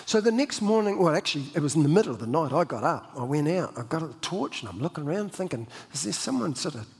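The long reverb of a church hall carries this pastor's fast, expressive voice, which is on the high side, a little mellow and slightly rough. He preaches like he's telling stories over coffee, repeating words, restarting often and joking at his own expense.

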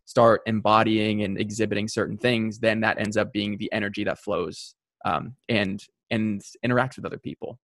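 Reflective man with a low, dry voice. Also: steady tone, normal speed, creaky, few pauses, fairly bright tone, no room sound. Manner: reflective, hesitant, repeats words. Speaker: podcast host. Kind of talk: casual conversation.

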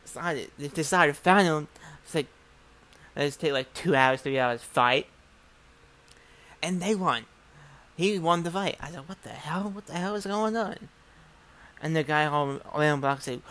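A man with a fairly high voice and a drawl spins a chaotic story in casual, profane speech. He rambles, restarts often and acts out each exchange of dialogue himself. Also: a little slow, pauses often, a bit bright.

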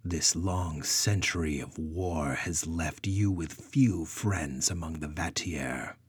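A hostile Bigfoot elder speaks curtly and condescendingly, voiced by a man in a storybook reading. The voice is low and husky, and it is delivered slowly. It sounds dry and close. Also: no echo, heavily acted. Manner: condescending, curt.

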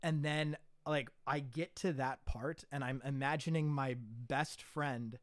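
A man's voice: mid-range voice, fairly even intonation, a little slow, dry recording, studio quality. A young man in casual podcast chat, rambling with many fillers and restarts as he recalls acting class.

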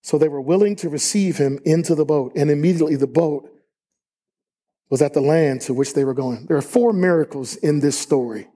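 A man preaching a sermon in a church, emphatic and rising to high exclamations. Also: a little fast, mellow. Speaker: pastor. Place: church sanctuary.

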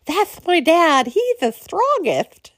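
A woman voicing a proud little kindergarten boy who boasts with a slight lisp, speaking slowly in a sing-song way. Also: very high voice, sing-song, a bit bright, dry recording, pitched above the performer's own voice, exaggerated voice. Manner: slow, lisping, sing-song.

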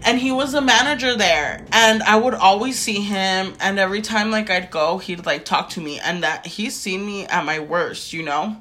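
A woman's voice: normal speed, hardly any pauses, bright, forceful tone. Young woman on a podcast, mid voice, rambly and swearing, mutters asides. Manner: chatty, swearing, drops to a low mutter in asides. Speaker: podcast co-host; store clerk. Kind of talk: casual chat.

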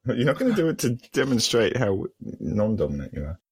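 A man's voice: mid-range voice, big pitch swings, brisk, slightly rough, dry recording. A man co-hosting a podcast in casual chat, giggling and joking with his friend. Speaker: podcast co-host.

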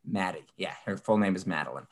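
A man co-hosting a podcast, telling a story with lively asides and mocking impressions of people. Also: a little fast. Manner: animated storyteller, mimics people in high voices. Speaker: podcast co-host. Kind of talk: casual chat.

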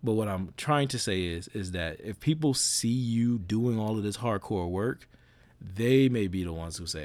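Low-voiced man rambling a motivational podcast. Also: lively intonation, moderate pace, darkish tone, no room sound. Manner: casual, repetitive, self-correcting, preachy. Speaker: podcast host.

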